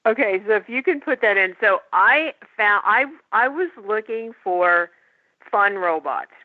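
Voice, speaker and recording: A woman's voice: medium pitch, animated, unhurried, no room sound. A woman guest talking about technology in a chatty, enthusiastic way over a call. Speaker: tech guest. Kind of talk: casual podcast chat. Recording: phone-like line, dry.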